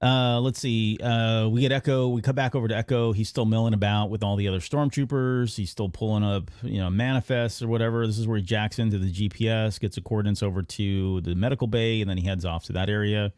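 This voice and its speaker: Podcast guy rambling thru an episode recap, lowish voice, dry sound. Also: fairly even intonation, fast talker, few pauses, darkish tone, clean tone, no echo. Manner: rambling recap with many fillers and restarts. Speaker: podcast host. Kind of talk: casual episode breakdown chat.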